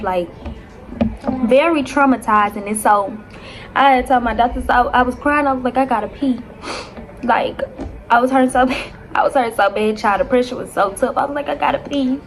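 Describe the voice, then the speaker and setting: Animated young woman telling a storytime. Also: on the high side, normal speed, a little hiss or hum. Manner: animated, dramatic retelling with constant "y'all". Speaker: vlogger. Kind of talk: casual storytime to viewers.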